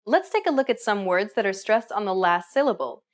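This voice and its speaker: A woman presenting a scripted language lesson, with upbeat and clear instructional delivery. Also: mid-range voice, big pitch swings, a little fast. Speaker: language teacher.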